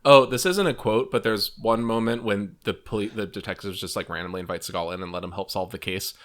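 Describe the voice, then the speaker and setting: A man's voice: fairly low pitch, fast, fairly bright tone. A man co-hosting a casual movie review podcast, joking around and acting out movie lines in silly voices. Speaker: podcast co-host.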